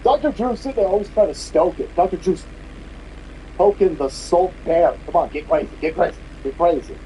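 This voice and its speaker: A man's voice: high voice, fairly quick, warm tone, slight background noise, poor audio. A man hosting a podcast, delivering an angry, profane, mocking political rant. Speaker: podcast host.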